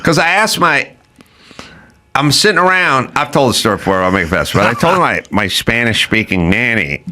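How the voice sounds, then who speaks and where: Guy hosting a podcast, bright voice that jumps all over, rambly and wry. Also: mid-range voice, sing-song. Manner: rambling, wry, drawn-out storytelling. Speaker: podcast host. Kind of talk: casual opinionated chat.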